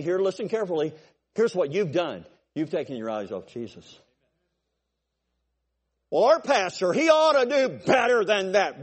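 Pastor in his 60s, emphatic pulpit preacher with a somewhat high voice. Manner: forceful, exhorting, rises to shouting peaks. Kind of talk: sermon.

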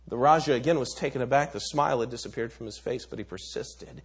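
A man's voice: medium pitch, quick pace, hardly any pauses, husky. A man preaching a sermon, telling a story dramatically with some stammered restarts.

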